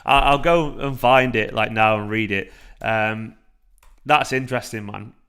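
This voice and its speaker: Excitable, swearing man in his thirties. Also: on the low side, a little slow, clear, resonant tone. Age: 30s. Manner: excitable, swearing, laughing, reacting to chat. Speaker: fan channel livestream host. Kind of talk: casual livestream chat.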